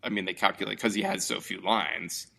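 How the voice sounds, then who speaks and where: A podcast host reviewing movies casually tells rambling stories packed with fillers. His voice sits low and is gravelly with a sharp tone, with fairly even intonation and a fairly quick pace.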